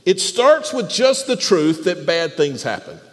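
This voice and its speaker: A male pastor preaching with a high, very lively voice that swings up and down. He restarts phrases by repeating words and throws questions out to the congregation, and his voice rings with the long echo of a church hall. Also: unhurried. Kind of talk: sermon.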